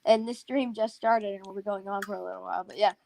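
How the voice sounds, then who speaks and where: A woman's voice: mid-range voice, steady tone, quick pace, creaky, a little mellow, a little hiss or hum, rough recording. A tired woman co-hosting a livestream in casual chat, rambling and restarting her sentences. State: tired, yawning. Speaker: livestream co-host.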